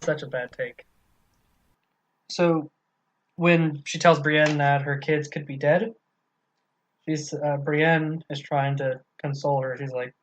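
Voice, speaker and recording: A man's voice: a little high, level tone, a little slow, long pauses, highs cut off. Casual man co-hosting a book podcast. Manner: casual, profane, reads quoted passages aloud. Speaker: podcast co-host.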